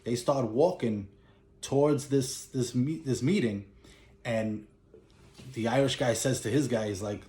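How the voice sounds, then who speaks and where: A man talks through a movie's story in an easy, offhand way, middle-pitched and chatty. He gets animated as he goes and jumps up in pitch to act out the characters. His voice carries a roomy echo from the space around him. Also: measured pace. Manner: animated storytelling, acts out lines in a raised voice. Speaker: movie collector and reviewer. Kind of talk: casual plot retelling.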